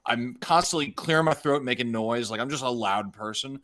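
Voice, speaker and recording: A man's voice: medium pitch, fairly quick, fairly bright tone. A young man in a casual group chat, joking about himself with casual swearing. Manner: self-deprecating, profane, jokey.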